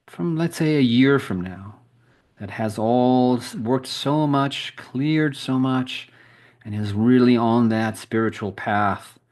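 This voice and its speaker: A man leading a group spiritual challenge, talking softly and slowly through a guided meditation over a video call. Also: medium pitch. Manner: soft, slow, soothing with long pauses.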